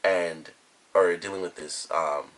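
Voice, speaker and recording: This man's voice sits low, with fairly even intonation, a slow pace and a fairly bright tone. Reviewing a cartoon episode casually, he rambles through the scenes, leaning heavily on fillers like "like" and "you know."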